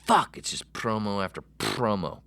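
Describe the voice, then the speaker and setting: A fairly low-voiced man in his forties hosts a comedy podcast on his own. He talks in a brash, self-mocking way, curses freely and lets his pitch jump about with lively swings, from near-whispers to sudden shouts. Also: moderate pace, creaky. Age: 40s. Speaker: podcast host. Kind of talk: solo comedy podcast monologue.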